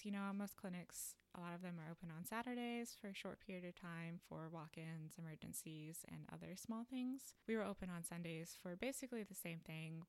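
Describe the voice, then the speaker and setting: A woman's voice: on the low side, dry recording. A woman podcast host and vet tech telling stories in a casual, chatty way, full of "you know" fillers. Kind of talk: casual storytelling monologue.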